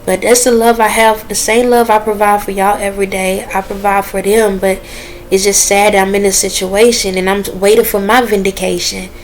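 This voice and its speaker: A woman talking straight to her viewers in a casual, earnest and preachy way, with relaxed dialect grammar. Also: mid-range voice, slight background noise, low-quality recording. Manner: dialect grammar, drawn-out phrasing. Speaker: vlogger. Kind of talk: casual direct-to-camera talk.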